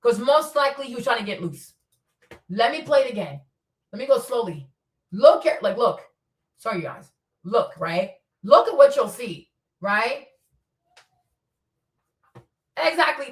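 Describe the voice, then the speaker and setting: A woman's voice: on the high side, lively intonation, normal speed, recorded from a distance. Insistent woman streamer, echoey room. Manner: insistent, repeats phrases, points out details step by step. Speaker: streamer commenting on video footage. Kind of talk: casual livestream commentary.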